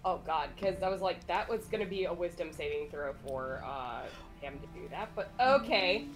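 A woman's voice: on the low side, lively intonation, normal speed, over music, poor audio. A woman playing a tabletop game, talking casually and thinking aloud with fillers. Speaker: player.

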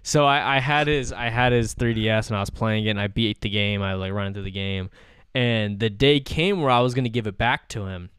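A man's voice: fairly low pitch, a little fast, a bit bright, clean tone, dry recording, studio quality. A man in his twenties hosting a podcast, telling casual stories in a rambling way, full of filler words and swearing. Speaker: podcast host. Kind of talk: casual chat.

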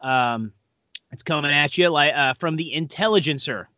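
A man's voice: fairly high pitch, normal speed, sharp tone, dry recording. A man co-hosting a podcast in casual, rambling chat, full of fillers and self-deprecating asides. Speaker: podcast co-host.

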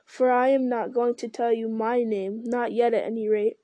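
An ancient, unhurried male tree giant from a storybook, pondering every word and humming to himself, read by a woman. The voice sits fairly high and mellow in a dry, close sound. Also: flat delivery, no echo, natural voice. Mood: musing. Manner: slow, deliberate, musing with hums. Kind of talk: reading a fantasy novel aloud.

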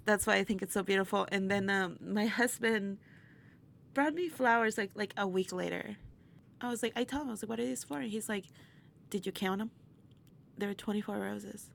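A woman tells a story as an interview guest, her voice carrying a gravelly edge. She is animated, laughing often and acting out other people's lines. A faint hiss sits under the recording. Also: mid-range voice, moderate pace. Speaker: interview guest, burlesque performer. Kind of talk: casual storytelling chat.

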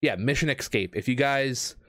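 A man telling a long story in casual chat, rambling with lots of fillers and restarts, getting animated. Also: mid-range voice, moderate pace, no echo, studio quality. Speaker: escape room game host.

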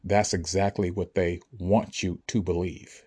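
Man, deepish voice, mellow tone, preachy, emphatic, repetitive. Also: level tone, unhurried, husky. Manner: preachy, emphatic, repeats "do you understand". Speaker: spiritual speaker. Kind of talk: motivational monologue to an audience.

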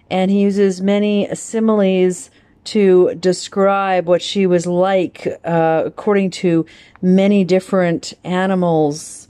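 A woman hosting a poetry podcast who explains verse forms in an unhurried, thoughtful way, pausing often, then reads a poem aloud. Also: on the low side, mellow, clean tone. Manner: unhurried, thoughtful, with many pauses and fillers. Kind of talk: informal spoken lesson and poetry reading.

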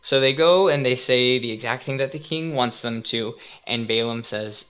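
A young man hosting a casual podcast, retelling a Bible story in an animated, earnest and reflective way, on a dull lo-fi recording. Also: mid-range voice, moderate pace, hardly any pauses, clear, resonant tone. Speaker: podcast host and youth skate minister.

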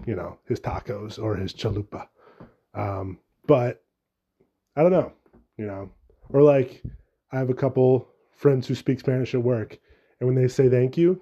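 A man's voice: mid-range voice, warm tone, lo-fi sound. Rambling joking man on a podcast. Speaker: podcast host. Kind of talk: casual solo podcast chat.

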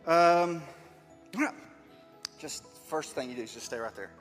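Man, high voice, playful and encouraging, reads the story and directs the volunteers, big echoey room. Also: normal speed, a bit bright, soft background music. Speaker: leader of a children's skit. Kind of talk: reading a story aloud while directing volunteers. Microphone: wearing a body mic.

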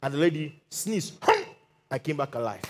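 High-voiced animated preacher. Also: male voice, fairly quick. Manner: animated storytelling, acts out Bible quotes; calls for hallelujah and amen. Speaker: pastor. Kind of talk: sermon.

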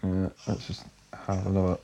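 Profane man, gravelly let's-play chatter. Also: low voice, completely flat delivery, normal speed, dark tone, slight background noise. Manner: profane, mutters asides, repeats curses at enemies. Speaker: gamer playing through a retro game. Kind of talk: casual let's-play commentary.

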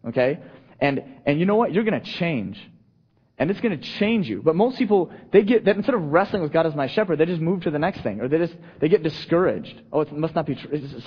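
A man preaching a sermon to a congregation in a loose, conversational way, often checking in with the room and swinging between soft asides and emphatic points. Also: on the high side, slightly rough. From United States. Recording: dull, lo-fi sound.

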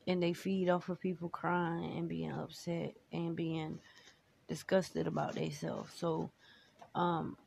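Deep-voiced and slow, with flat delivery, vocal fry, and a slightly mellow tone, a podcast host talks about her personal life candidly and emotionally, rambling casually with many fillers. The audio is dull and lo-fi with a little noise.

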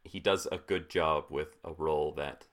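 A young man in his twenties with a very low, deep voice, talking casually about films. He rambles and leans on "like" constantly. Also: fairly even intonation, normal speed, fairly bright tone. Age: 20s. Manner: filler-heavy, rambling with frequent "like". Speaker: podcast co-host. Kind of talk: casual chat about movies.

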